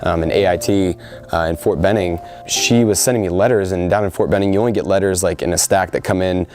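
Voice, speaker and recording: A young man in his twenties talks quickly and earnestly in an interview, his low, mellow voice full of "you know" and "um." Faint soft music plays behind him. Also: fairly even intonation. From United States. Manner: earnest, heartfelt, with frequent fillers. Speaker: soldier interviewed before deployment. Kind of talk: sit-down interview.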